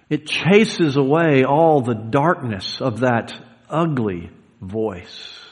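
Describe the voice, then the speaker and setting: A man preaching a sermon as pastor, earnest, swinging between loud declarations and hushed words. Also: mid-range voice. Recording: hall reverb.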